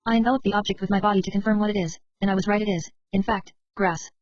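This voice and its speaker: A woman reading a novel aloud as first-person narration, in a brisk, steady way of telling an inner monologue. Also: medium pitch, dry recording. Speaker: audiobook reader. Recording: dry, slightly muffled recording.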